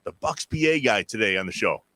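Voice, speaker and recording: A man hosting a chat podcast, opening the show with upbeat, quick introductions. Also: on the low side, lively intonation, bright, forceful tone, no echo. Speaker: podcast host and public address announcer. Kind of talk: casual chat.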